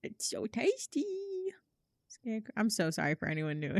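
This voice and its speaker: Her voice is lowish and creaky, swinging widely in pitch at a normal speed, recorded in clean studio sound without echo. The young streamer plays a horror game and talks to chat in slangy, sweary live commentary, shrieking at jump scares.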